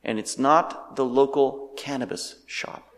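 A male pastor preaching a sermon with animated delivery, firing off rhetorical questions and swinging between loud and hushed. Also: mid-range voice, a little slow, in a large hall.

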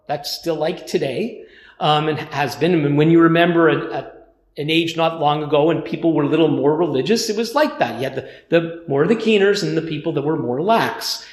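A man's voice: on the high side, reverberant. A man preaching a sermon as a pastor, talking in a conversational way with frequent restarts. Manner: conversational, with restarts and mimicked voices.

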